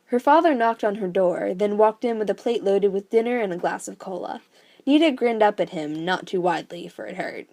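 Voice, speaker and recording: Amateur woman reader, novel aloud, mid pitch, gushing profane asides. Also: brisk, creaky. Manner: excited, profane, rambling outbursts in commentary. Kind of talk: reading a novel aloud with commentary.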